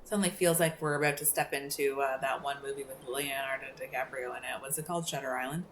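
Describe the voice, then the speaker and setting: A woman's voice: extremely low pitch, fairly even intonation, fast talker, slight background noise. A woman streaming a game, musing aloud and hesitating as she thinks through puzzles. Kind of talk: gameplay commentary.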